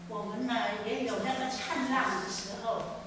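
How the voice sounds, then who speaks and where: Woman student explaining calmly in a dharma class, distant mic, big echoey hall. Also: a little high, normal speed, crowd noise. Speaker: student sharing understanding. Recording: echoey hall, recorded from far off, noisy.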